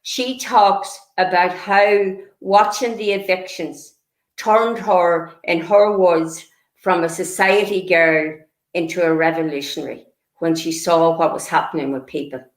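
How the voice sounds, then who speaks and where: A woman's voice: fairly low pitch, echoey room, low-quality recording. A woman presenting local history, earnest and explanatory, with many fillers and restarts. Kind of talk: illustrated history talk.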